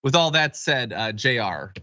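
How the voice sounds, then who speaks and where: A man's voice: mid-range voice, sing-song, sharp tone, no room sound, highs cut off. Sarcastic man hosting a news show. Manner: sarcastic, wry and quick. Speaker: news talk show host. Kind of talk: sarcastic political commentary.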